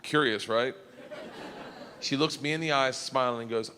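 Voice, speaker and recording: A man doing stand-up storytelling, loud and profane, with animated delivery and shouted punchlines. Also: mid-range voice, normal speed, in a large hall, a little hiss or hum. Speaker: stand-up comedian.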